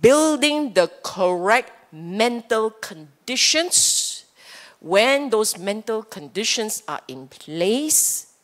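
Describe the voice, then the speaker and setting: A woman with a Singaporean English accent giving a playful, teasing Dhamma talk as a Buddhist teacher, often checking in with her listeners. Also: mid-range voice. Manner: playful, teasing, asks the audience for agreement. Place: temple hall.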